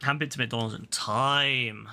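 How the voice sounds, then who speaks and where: A man livestreams a game, chatting excitedly with viewers in slangy speech and casual swearing. His voice is medium-pitched and gravelly, at a normal speed.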